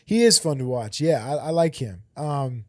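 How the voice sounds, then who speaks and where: A man's voice: medium pitch, lively intonation, normal speed, darkish tone, dry recording, studio quality. A man hosting a casual podcast chat about fights, laid-back, swearing and laughing freely. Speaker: podcast host and MMA coach.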